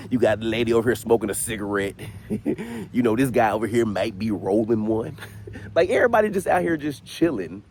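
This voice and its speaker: Laid-back man, low voice. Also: lively intonation, normal speed, darkish tone, a little hiss or hum. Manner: laid-back, chatty, laughs often. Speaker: paranormal vlogger. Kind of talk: casual spoken vlog. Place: outdoors in a city cemetery.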